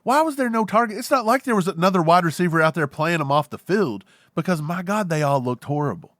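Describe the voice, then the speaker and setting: A man co-hosting a casual sports talk show, ranting with jokes and animated outbursts. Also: high voice, fast talker, no echo, clean studio sound. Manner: animated, joking rants. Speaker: podcast co-host.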